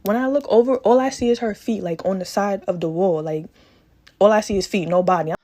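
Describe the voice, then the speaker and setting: A woman's voice: mid-range voice, fairly quick, mellow. Young woman, casual storytime, dramatic and slangy, acts out every quote. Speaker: braider telling a storytime.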